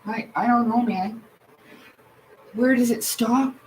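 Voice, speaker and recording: A woman chatting on a livestream while she paints, her voice sitting a little high. She rambles and swears in exasperation, upset and close to tears, over a faint hum of background noise. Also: slow, poor audio. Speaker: livestream host. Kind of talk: casual chat while painting.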